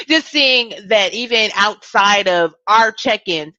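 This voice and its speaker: A woman host and business coach chatting casually, encouraging and laughing, with halting restarts. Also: medium pitch, animated, bright, forceful tone, dry recording. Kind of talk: casual interview chat. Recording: dull lo-fi audio.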